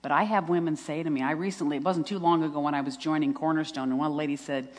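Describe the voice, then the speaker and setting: This middle-aged woman speaks fast in a low, steady, slightly mellow voice. At a women's retreat she offers a sincere testimony sermon, quoting scripture and laughing at herself, while a long reverb fills the hall.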